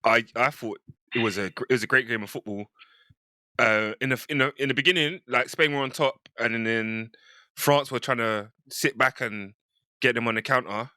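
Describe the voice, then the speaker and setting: Guy on a footy podcast, bright tone, dry close sound, gets excited and rambles. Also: medium pitch, normal speed, no room sound. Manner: enthusiastic, rambling with restarts. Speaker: podcast panelist. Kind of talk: casual football chat.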